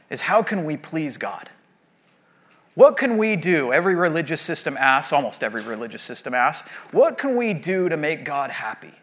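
A man in his thirties or forties gives a conversational sermon. His tone is bright and somewhat high for a man, and he tells stories with frequent fillers and restarts. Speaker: pastor.

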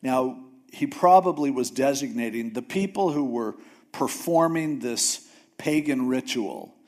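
A man preaching a sermon, retelling a Bible story in a casual, animated way with jokes and acted-out voices. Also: mid-range voice, measured pace. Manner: animated storytelling, acts out characters with jokey asides. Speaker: pastor.

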